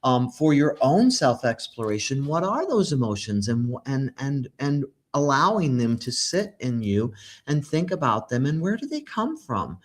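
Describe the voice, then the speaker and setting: A man hosting a conversational interview, reflective and affirming, pausing often to find his words. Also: mid-range voice, big pitch swings. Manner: warm, reflective, many fillers and restarts. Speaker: podcast host.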